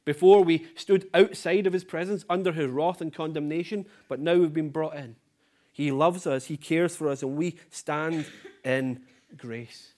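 A man preaching a sermon in an earnest, emphatic way, repeating key phrases and letting line ends fall soft. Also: on the high side, unhurried.

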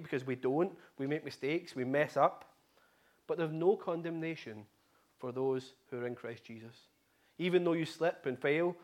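A man's voice: a little high, darkish tone. Earnest preacher man. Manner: earnest, repeats key phrases for emphasis. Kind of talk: sermon.

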